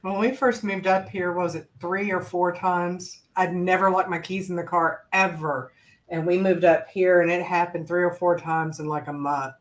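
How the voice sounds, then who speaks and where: A woman's voice: lowish voice, steady tone, moderate pace. Rambling woman in casual chat. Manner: rambling, hesitant, many fillers. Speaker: podcast co-host.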